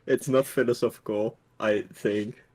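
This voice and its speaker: Slow, hesitant man asking a question. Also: lowish voice, steady tone, a little mellow. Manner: hesitant, halting. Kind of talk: casual chat.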